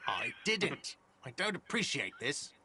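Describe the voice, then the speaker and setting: A man's voice: on the high side, very animated, unhurried, pushed and bright, breathy edge, exaggerated voice. A man voicing an irritable, defensive cafeteria manager in a video game, sarcastic and easily offended.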